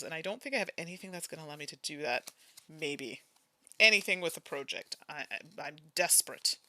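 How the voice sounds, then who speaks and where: A very bright, sharp-toned woman whose voice swoops up and down as she talks through a solo board game. She is chatty and muses aloud, humming little tunes between moves. The sound is close and dry, with no room around it. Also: lowish voice, dry recording. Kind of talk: casual think-aloud playthrough.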